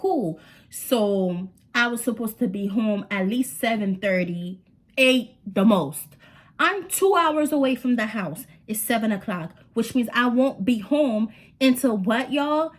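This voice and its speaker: A woman's voice: a little high, lively intonation, measured pace. A young woman telling a dramatic story to her viewers in a chatty, slangy way. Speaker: storytime vlogger. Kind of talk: casual storytelling to camera.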